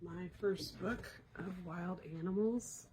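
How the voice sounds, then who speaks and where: A woman chatting casually at home during story time, relaxed and amused. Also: on the low side, takes it slowly, background noise. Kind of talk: casual chat. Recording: loud clicking noises behind.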